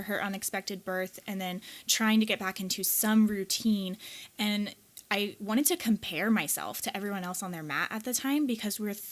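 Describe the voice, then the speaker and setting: A woman's voice: mid-range voice, a bit bright. A young woman from the US Midwest, a podcast co-host and yoga teacher, telling a candid personal story in an earnest way, speeding up and rising as she relives moments. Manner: earnest, quickens and rises when reliving a moment.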